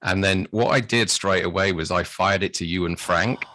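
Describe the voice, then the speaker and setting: A British man, a podcast guest, telling anecdotes in a casual, animated way. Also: sits low, normal speed, no room sound. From Britain. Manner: animated storyteller, acts out his own excitement. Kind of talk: casual storytelling chat.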